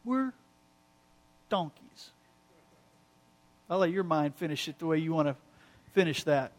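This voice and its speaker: A middle-aged man preaching a sermon as pastor, telling stories and acting out quoted lines in an animated way. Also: on the high side, fast talker.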